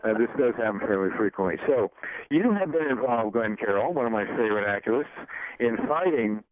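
A man hosting a radio show, talking in a halting, folksy way full of ums and uhs. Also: mid-range voice, expressive, crowd noise. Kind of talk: casual radio interview. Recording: dry, tinny phone-like broadcast audio.

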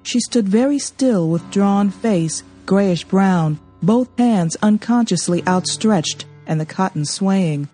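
A woman narrates a novel for an audiobook in a measured, expressive way. Her voice is dark and mellow, at a middle pitch. Faint music runs under the reading. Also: breathy edge. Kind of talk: storybook reading.

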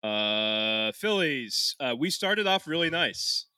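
A man's voice: mid-range voice, sing-song, slow pace, sharp tone, dry recording, clean studio sound. A man co-hosting a podcast in casual chat, rambling, swearing and laughing often between thoughts. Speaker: podcast co-host.

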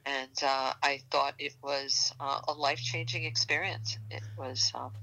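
A woman in her sixties with a New York accent, a guest in an interview, talking in halting sentences full of fillers as she searches for words. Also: extremely low pitch, steady tone, creaky, pushed and bright, rough recording. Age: 60s. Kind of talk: casual interview conversation.

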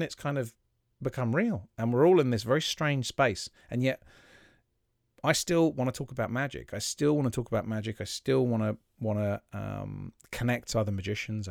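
A man hosting his own podcast, talking reflectively and haltingly with many fillers and restarts. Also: mid-range voice, no room sound, studio quality. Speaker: podcast host, magician. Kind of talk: reflective solo podcast talk.

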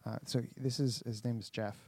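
A man's voice: mid-range voice, fairly even intonation, moderate pace, darkish tone, slightly rough, no room sound. A man chatting casually on a podcast, telling a rambling story with lots of fillers and restarts. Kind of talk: casual chat.

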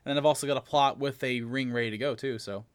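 A man co-hosting a gaming podcast, recapping news in an excitable, rambling way. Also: medium pitch, quick pace. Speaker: podcast co-host. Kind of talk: casual gaming podcast chat.

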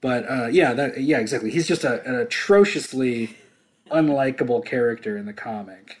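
A man's voice: medium pitch, moderate pace. A man co-hosting a podcast, talking casually and enthusiastically about a film, laughing often and swearing freely. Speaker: podcast co-host.

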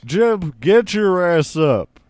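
A young man improvising a comedy sketch, excitable and exclaiming, laughing mid-line. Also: high-pitched, slow, clear, resonant tone, dry recording, studio quality.

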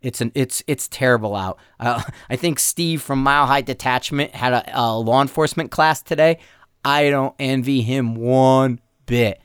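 A man talks casually as the host of his own podcast, rambling from one thing to the next and often tripping over his words with repeated restarts. His voice sits at a middling pitch. The sound is dry and close, with no room echo. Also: moderate pace, clear, resonant tone. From Denver area, USA. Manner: rambling, stammering restarts, jokey. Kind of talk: casual solo podcast chat. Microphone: podcast mic.

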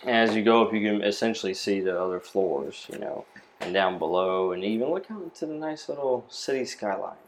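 A man narrating a tabletop role-playing game as game master, describing scenes in a relaxed way with fillers. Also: fairly low pitch, a little fast, slight background noise.

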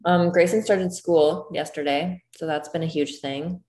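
A woman's voice: low voice, fairly even intonation, unhurried, mellow. A woman in her thirties chatting casually, full of "like" fillers. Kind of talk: casual chat. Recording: roomy echo.

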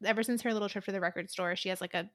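A young woman talking casually as a podcast co-host, rambling and filling her retelling with quoted lines. Her voice is middling in pitch. The sound is close and dry, with no room around it. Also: steady tone, very fast, a bit bright, no room sound. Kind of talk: casual book chat. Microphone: headphones with mic.

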